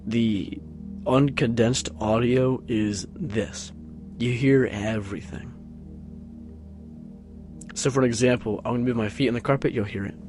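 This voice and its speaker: A man vlogs from a carpeted room at home, speaking close into a tabletop USB mic with headphones on. His delivery is unhurried and low-key, pausing often and rambling with many fillers and restarts, while music plays in the background.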